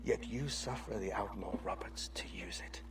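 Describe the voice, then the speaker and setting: An actor playing a stern, scheming, condescending leader in a game, haughty and contemptuous. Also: male voice, sits low, moderate pace, vocal fry, far from the mic, heavy background noise. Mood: hushed.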